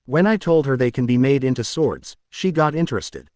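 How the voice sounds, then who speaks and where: Brief: tired, exasperated male ogre, deadpan and dry, voiced by a man in his own voice. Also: medium pitch, moderate pace, no room sound, lightly acted. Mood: weary. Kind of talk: fan fiction reading.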